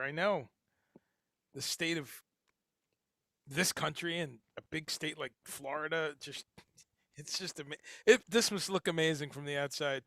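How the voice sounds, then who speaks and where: Guy hosting a home livestream, kinda high raspy voice, rambles with lots of ums, dry sound. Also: animated, measured pace, long pauses, bright, forceful tone, no echo. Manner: rambling, with many fillers and restarts. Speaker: livestream host. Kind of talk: casual livestream chat. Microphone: headphones and home streaming setup.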